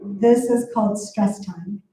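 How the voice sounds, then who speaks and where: A woman's voice: mid-range voice, slow, recorded from a distance, background noise. A woman poet reading her poems aloud and explaining language points with chatty asides at a bookstore event. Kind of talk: poetry reading with commentary. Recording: very echoey room.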